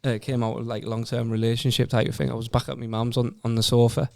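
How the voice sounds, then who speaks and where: Gravelly young Teesside man, earnest. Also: mid-range voice, little pitch movement, quick pace, no room sound, studio quality. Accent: Teesside English. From Stockton-on-Tees, England. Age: 20s. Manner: repeats words and restarts often, earnest. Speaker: podcast guest. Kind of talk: casual conversational storytelling.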